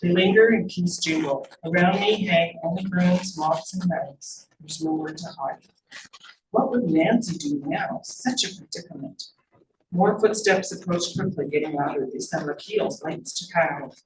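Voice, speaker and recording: A woman, the author, reading her novel aloud in a measured storytelling manner. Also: fairly low pitch. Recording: roomy, distant mic, faint noise.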